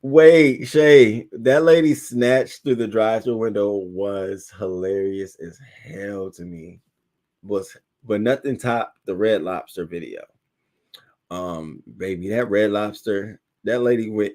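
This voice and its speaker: A man hosts a casual live stream, chatting with viewers and thanking them by name. He's an animated storyteller who retells viral clips with laughter and mimicry. His voice is on the low side and his pace a little slow.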